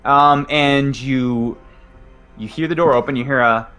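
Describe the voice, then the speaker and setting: Bright-voiced man narrating as game master. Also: medium pitch, measured pace, smooth, soft background music. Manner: hesitant, lots of ums, describing scenes.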